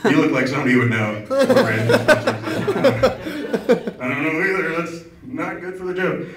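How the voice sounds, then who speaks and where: A man's voice: sits high, big pitch swings, normal speed. A man rambles through an open-mic stand-up set, offhand and self-deprecating. His voice comes from a distance in an echoey club, with a crowd laughing around him. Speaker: stand-up comedian. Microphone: stage mic recorded from far off. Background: audience laughter.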